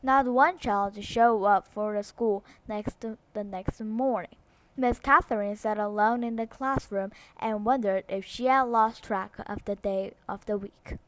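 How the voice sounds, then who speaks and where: A woman's voice: medium pitch, fairly even intonation, unhurried, a bit bright. A woman with Korean as her first language reading a novel aloud, steadily, with small slips and restarts. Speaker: book reader.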